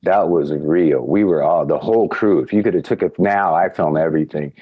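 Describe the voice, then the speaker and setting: Deep-voiced man telling an animated story. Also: a little fast, slightly rough, no room sound, muffled recording. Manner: animated storyteller, acts out quotes with big pitch jumps. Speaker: podcast guest. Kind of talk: casual anecdote telling.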